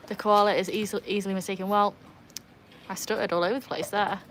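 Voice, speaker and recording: A woman's voice: mid-range voice, level tone, brisk, pauses often, fairly bright tone, a little hiss or hum. A woman chatting casually on a livestream, rambling on tangents and reading out viewer comments. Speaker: livestream host.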